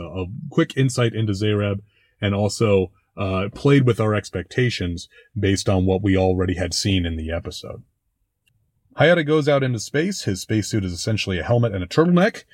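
A man's voice: fairly low pitch, darkish tone, slightly rough, no room sound. A man hosting a casual commentary, reviewing a TV episode in a wry, chatty way with frequent restarts and dry asides. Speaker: podcast host reviewing a TV episode.

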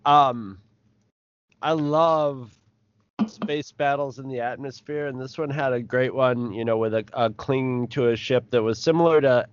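A man's voice: mid-range voice, a little slow, clean tone, dry recording. Jokey man on a lo-fi podcast. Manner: relaxed, jokey, hesitant with ums. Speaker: podcast co-host. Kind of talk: casual chat. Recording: dull lo-fi recording.

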